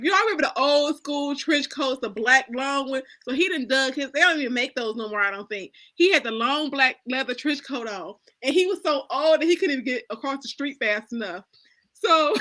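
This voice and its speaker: High bright-voiced woman telling animated stories. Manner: animated storyteller acting out dialogue, laughing often. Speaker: panel host. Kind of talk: casual storytelling chat.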